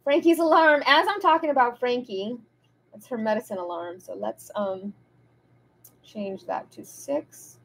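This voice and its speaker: A woman's voice: high-pitched, a bit bright. Chatty woman reading tarot cards. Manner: chatty, rambling, spiritual, addresses viewers as "you guys". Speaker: tarot card reader. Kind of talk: casual pick-a-card tarot reading.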